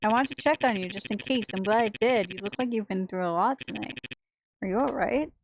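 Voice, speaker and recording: A woman voicing a gentle, concerned young man in a horror game. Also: mid-range voice, a little fast, gravelly, slight background noise, natural voice, poor audio.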